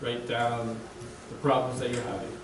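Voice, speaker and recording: A man's voice: medium pitch, little pitch movement, moderate pace. A young man giving a casual, conversational sermon as a guest preacher, checking in with listeners by asking "right?". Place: church sanctuary. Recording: echoey hall, distant mic, faint hiss.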